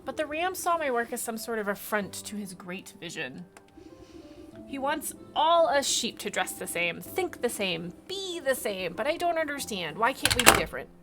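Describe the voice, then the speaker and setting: A nervous young sheep knitter, as a woman puts her on, her voice pitched very high and pleading. She frets and begs like a small hunted creature in a cozy video game. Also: sing-song, moderate pace, fairly bright tone, faint music behind. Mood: tearful. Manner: fretful, pleading. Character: timid young female sheep knitter, anxious.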